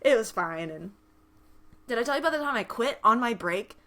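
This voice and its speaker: Bright, animated young woman podcast host. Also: fairly high pitch, a little fast. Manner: animated storytelling, acts out quoted voices, laughs often. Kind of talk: casual chat.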